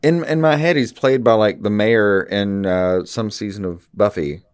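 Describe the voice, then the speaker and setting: A man's voice: on the low side, moderate pace. A man co-hosting a podcast, joking and swearing freely in casual chat. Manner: animated, jokey, swears freely, acts out comic bits. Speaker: podcast co-host.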